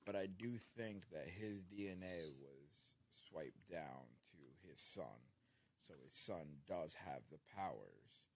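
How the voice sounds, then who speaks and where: A man's voice: deep voice, animated, slow, gravelly, husky. A man co-hosting a casual podcast movie review, giving his opinion in a thoughtful, rambling way with many fillers. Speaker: podcast co-host.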